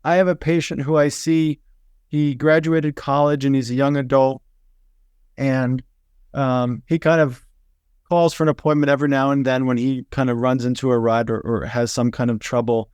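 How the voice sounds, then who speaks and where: A male psychiatrist hosts the podcast and lays out his points in a measured, explanatory way. His voice is smooth and resonant. The recording is dry and close. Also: medium pitch, level tone, darkish tone, dry recording. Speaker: psychiatrist host. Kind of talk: podcast conversation.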